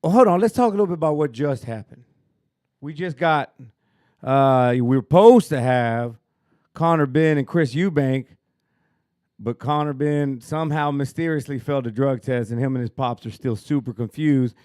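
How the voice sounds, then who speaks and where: A man's voice: mid-range voice, normal speed, a little mellow, clear, resonant tone, no echo, clean studio sound. A man in his thirties co-hosting a boxing podcast outdoors, easygoing and joking, often laughing. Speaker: podcast co-host. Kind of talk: casual chat. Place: rooftop outdoors in downtown Dallas.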